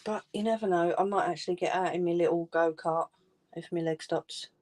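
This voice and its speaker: A woman's voice: fairly low pitch, steady tone, brisk, darkish tone. A woman chatting casually with viewers on a craft livestream. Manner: chatty, talks to viewers in the chat.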